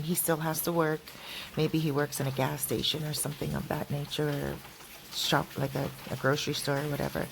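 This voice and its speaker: A woman from Canada talks casually as she vlogs outdoors, her low voice wandering through fillers and restarts. Faint street noise hums behind her phone recording. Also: low-quality recording. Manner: chatty, rambling with many fillers and restarts. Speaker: vlogger. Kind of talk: casual walking vlog chat.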